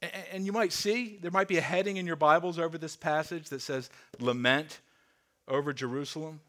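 Bright-voiced man preaching earnestly. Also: sits high, steady tone. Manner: earnest, slows and drops softly on key words; repeats words while restarting. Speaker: pastor. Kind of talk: sermon.

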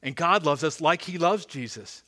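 A man preaching a sermon as pastor, earnest and pleading, dropping to a hushed voice for emphasis. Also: on the high side, animated, moderate pace.

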